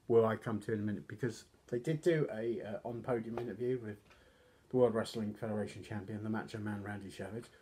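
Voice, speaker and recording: A man's voice: fairly low pitch, brisk, warm tone, husky. A man giving a casual, rambling wrestling recap, coughing now and then and poking fun at himself. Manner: rambling, self-deprecating, coughs often. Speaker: wrestling reviewer.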